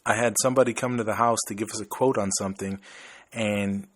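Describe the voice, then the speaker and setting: A man's voice: on the low side, fairly even intonation, a little fast, dry recording. A man from Chicago hosting a podcast, talking in an easygoing, rambling way and telling stories casually. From Chicago, USA. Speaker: podcast host.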